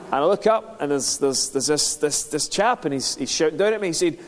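A man's voice: fairly high pitch, animated, fairly quick. A man preaching a sermon, telling stories in a conversational, self-deprecating way. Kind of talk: sermon with storytelling. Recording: reverberant hall.

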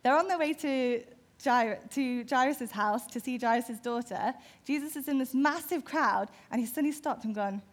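A woman's voice: fairly high pitch, moderate pace. Woman preaching, storytelling. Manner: storytelling, vivid and imaginative. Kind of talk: sermon.

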